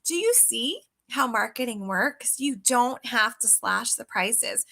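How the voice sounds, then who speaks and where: Casual emphatic woman sales coach, high-pitched and bright, chatty, middle-aged. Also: expressive, slow pace, creaky. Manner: chatty, emphatic, addresses viewers as guys. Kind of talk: casual live coaching talk.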